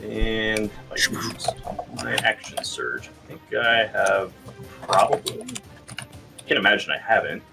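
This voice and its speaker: Low-voiced man playing a tabletop game. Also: expressive, slow, gravelly, music in the background. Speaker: player. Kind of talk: casual tabletop game play.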